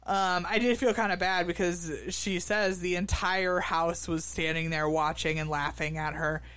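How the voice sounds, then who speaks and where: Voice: mid-range voice, steady tone, normal speed, a bit bright, clean tone, no echo. A podcast co-host casually recapping a reality show, full of fillers and restarts. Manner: hesitant, many fillers and restarts.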